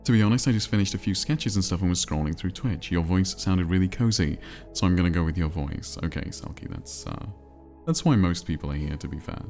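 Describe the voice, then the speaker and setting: A man streaming a cozy game, chatting in a relaxed, rambling way and answering his chat. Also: sits low, fairly quick, soft background music. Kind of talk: casual chat while playing a cozy game.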